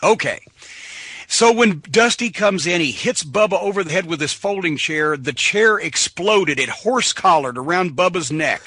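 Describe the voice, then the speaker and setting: A middle-aged man, a former wrestler and podcast guest, telling stories in a casual, animated, profane way and acting out the voices of the people in them. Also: high-pitched, normal speed, husky, no room sound, studio quality. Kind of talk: casual storytelling. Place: podcast studio.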